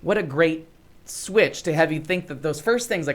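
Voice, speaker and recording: Deep-voiced and a little fast, this American podcast co-host spins a lengthy, animated story during a casual talk-show chat, peppering it with plenty of "like."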